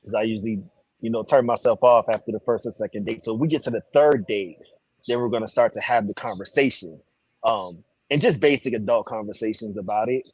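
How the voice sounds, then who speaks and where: Husky low man on a dull remote mic. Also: fairly quick, a little mellow, no echo. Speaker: panel guest. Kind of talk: casual panel chat.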